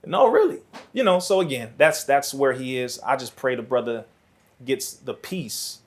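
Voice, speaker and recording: A man speaking as a podcast guest, preachy and animated, his voice rising toward near shouts in a studio. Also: medium pitch, moderate pace. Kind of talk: impassioned podcast talk.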